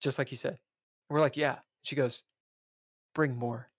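A man's voice: medium pitch, level tone, moderate pace, breathy edge, no room sound. A man, a podcast guest, telling a casual road-trip story with swearing and laughter. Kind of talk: casual chat. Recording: dull lo-fi audio.

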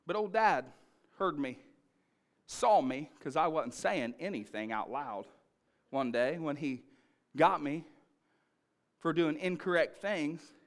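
A male pastor preaching a sermon, telling family stories in an animated, punchy way. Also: a little high, slow, pauses often.

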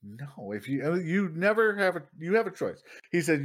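Male podcast co-host, relaxed, swears freely, quick to laugh. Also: on the high side. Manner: loose, profane, laughs often. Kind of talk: casual chat.

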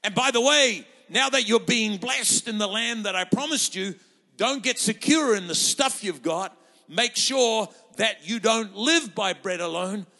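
A man delivers a sermon with fervent, rousing energy, his voice high and bright, swinging widely up and down as he leans into each point. He acts out the voices of the people he quotes from scripture. The sound rings out with a long reverb, as in a large hall. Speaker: pastor.

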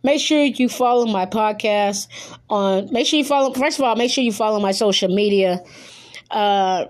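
A woman hosting her own podcast in casual solo chat, rambling and correcting herself, a little nervous. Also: medium pitch. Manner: rambling, self-correcting, hurried plugs. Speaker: podcast host.

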